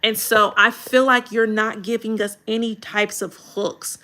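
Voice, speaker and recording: A woman reviews creators' videos on a livestream, and her voice is bright and fairly high. She talks in a direct, casual and animated way, like a frank coach. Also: measured pace.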